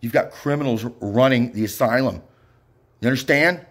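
A man with a mid-range voice speaks at normal speed in an angry, rambling monologue. His ranting is bitter and profane, full of muttered asides and recurring "yeps."

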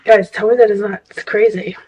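A woman's voice: mid-range voice, fairly even intonation, normal speed, darkish tone, husky, poor audio. A woman vlogger telling a story in casual, rambling chat, exasperated and full of restarts.

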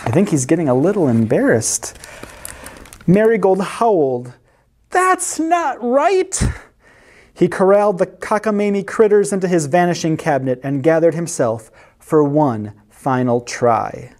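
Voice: medium pitch, expressive, normal speed, dark tone. A library storyteller reading picture books aloud to children, who asks the listeners questions and explains words along the way.

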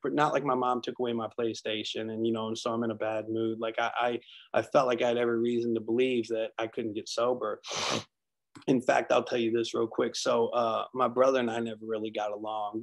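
A man giving a frank, candid account of his own recovery at a workshop. He talks haltingly, with many restarts, and tells it with dark humor. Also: medium pitch, creaky. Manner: halting, frequent restarts and fillers; frank, darkly humorous storytelling. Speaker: speaker sharing his recovery story. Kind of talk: candid personal testimony.

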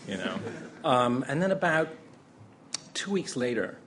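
Animated man telling a stage anecdote. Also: on the low side, brisk. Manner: animated storyteller, stammers and acts out quotes. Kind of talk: live storytelling to a convention crowd. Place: large convention hall with a live audience. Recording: crowd and noise in a big hall. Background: crowd laughter and ambient noise.

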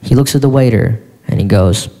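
A man performing stand-up comedy, telling a story in an animated, incredulous way with sudden shouts. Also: mid-range voice, a little fast. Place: live comedy venue on stage. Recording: live stage in a reverberant hall with faint crowd ambience.

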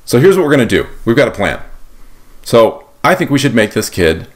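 A man's voice: mid-range voice, big pitch swings, a little fast, natural voice. A man voicing a group of sly, practical male congressmen who hatch a conspiratorial plan. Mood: scheming. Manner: wheedling, conspiratorial.

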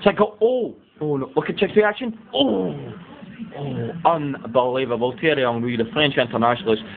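A young man doing a joking mock football commentary among friends in a living room, excitable and cheeky with sudden yelps. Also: medium pitch, moderate pace, gravelly, crowd noise. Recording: tinny lo-fi home video.

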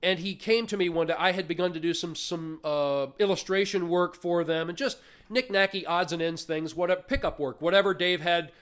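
Interview guest, man, somewhat high-pitched, loose rambling storyteller. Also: fairly quick, a bit bright, clear, resonant tone. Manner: rambling storyteller, lots of restarts. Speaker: interview guest, artist and puppet builder. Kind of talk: casual interview chat.

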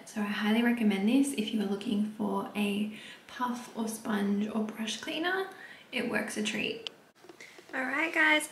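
A woman's voice: fairly high pitch, fairly bright tone, a little hiss or hum. A young woman in her twenties, vlogging casually at home into a phone camera, chatty and confiding, swearing now and then. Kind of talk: casual vlog chat to camera.

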